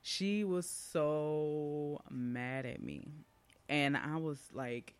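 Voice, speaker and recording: A man talks casually into a podcast mic. He speaks at a middle pitch, chatty and open, wandering through asides and fillers as he tells his own story. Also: takes it slowly.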